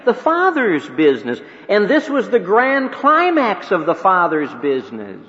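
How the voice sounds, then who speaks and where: A man preaching a sermon in a slow, measured cadence, his fairly high voice rising to ringing emphasis and then dropping almost to a whisper. The sound is dull and lo-fi, with a long reverb trailing off his words. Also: huge pitch swings. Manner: dramatic swings from ringing emphasis to hushed near-whisper; slow, deliberate rhetorical delivery with repeated questions.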